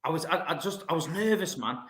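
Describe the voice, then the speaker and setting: A man's voice: a little high, animated, fast talker, a bit bright. Chatty male guest in roomy echo. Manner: chatty anecdote teller. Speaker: podcast guest. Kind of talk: casual chat.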